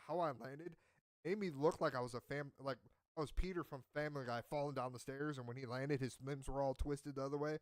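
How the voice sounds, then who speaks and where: A man's voice: mid-range voice, dry recording. A man in casual chat who tells a rambling story and acts out what people said. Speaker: podcast host.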